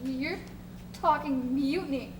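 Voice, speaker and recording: A woman's voice: sits high, slow. A woman playing a naive, loyal young male sailor who gives uneasy, defensive replies in a live stage play. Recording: stage recording with faint noise.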